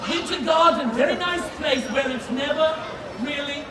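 High-voiced joking showman at a park show. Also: moderate pace. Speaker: live park show performer. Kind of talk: crowd-facing show hosting. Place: outdoor theme park stage. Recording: echoey, distant, loud crowd and noise.

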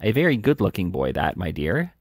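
A man's voice: low-pitched, wildly swooping pitch, fairly quick, dry recording, studio quality, heavily acted. A man voicing a fussy, self-important middle-aged undertaker who coaxes and sneers, in a storybook reading. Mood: coaxing. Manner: wheedling, with sneering asides.

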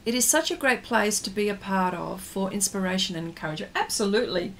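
A woman talks viewers through her painting in an easy, unscripted livestream chat. Her voice sits at a middling pitch. She drifts between explaining her strokes and trailing off into fillers while she works. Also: lively intonation, quick pace, slight background noise. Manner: chatty, reads viewer comments aloud and answers them. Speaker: artist hosting a livestream.

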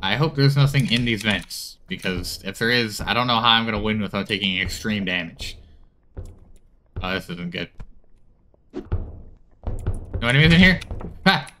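A man's voice: lowish voice, normal speed, pushed and bright, slight background noise. A man giving chatty commentary while playing a horror game, talking back to the characters on screen. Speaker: gaming streamer.

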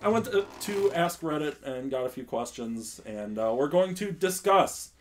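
A man's voice: fairly high pitch, expressive, normal speed, slight background noise. A young man hosting a casual podcast chat, rambling with lots of ums and laughs while drinking beer. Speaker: podcast host.

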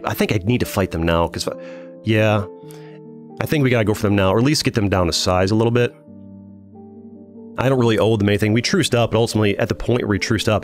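Low-voiced man narrating his gameplay. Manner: relaxed, thinking aloud with frequent fillers and restarts. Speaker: gaming channel host. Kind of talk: casual gameplay commentary.

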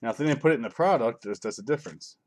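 With a mid-range voice and lively intonation, a middle-aged man hosting a live card break talks very fast, slight background noise behind him. He chats and jokes casually with viewers while calling out cards.

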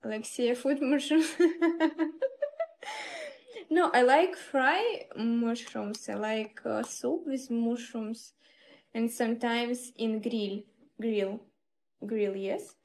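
A woman's voice: on the high side, slow pace. A young woman live streaming, chatting casually with viewers in simple broken English and laughing often.

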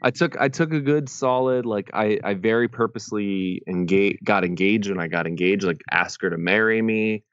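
A man with a lowish voice tells a long personal story in a loose podcast chat, padding his sentences with "like" and "man". The sound is dry and a little dull, as if from a lo-fi recording. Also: normal speed, hardly any pauses, clean tone, dry recording. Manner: rambling storyteller, lots of "like" and "man". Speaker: podcast co-host. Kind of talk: casual chat.

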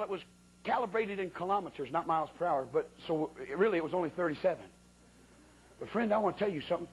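A man's voice: high-pitched, breathy edge, low-quality recording. A man preaching a sermon who tells a funny story about his own misfortunes in a folksy, colloquial way with sudden exclamations.

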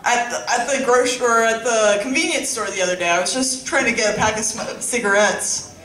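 A woman's voice: on the high side, a little fast, fairly bright tone, far from the mic. A young woman performing a casual, profane stand-up set in a small club, with laughing asides. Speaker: stand-up comic. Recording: echoey club room, faint ambience.

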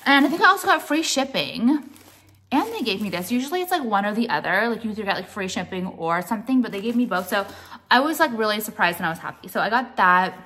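A young American woman talks to her viewers in a loose, meandering show-and-tell. She strings her thoughts together with constant "like"s and casual swearing, and her pitch sits in the middle range. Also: expressive, fast, a bit bright. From United States. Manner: rambling, heavy use of "like", swears casually. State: pregnant. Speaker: vlogger showing purchases.

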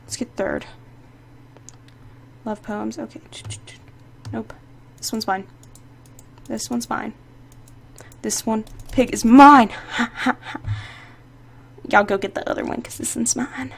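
A woman hosting her own gaming channel, giving casual, excitable, playfully sassy commentary while she plays. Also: fairly high pitch, takes it slowly, creaky, long pauses. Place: indoor home setup. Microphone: desk microphone.

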